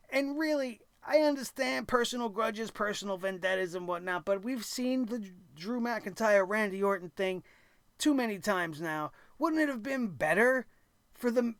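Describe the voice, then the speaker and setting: A man's voice: sits high, a bit bright, no echo. A man reviewing a wrestling show in a blunt, crude, exasperated rant full of sarcastic asides. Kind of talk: opinionated recap rant.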